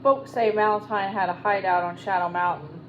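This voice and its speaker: A woman's voice: medium pitch, steady tone, moderate pace, highs cut off, a little hiss or hum, natural voice. A woman voicing a gloomy, superstitious older female ranch cook who talks in a folksy, plainspoken way.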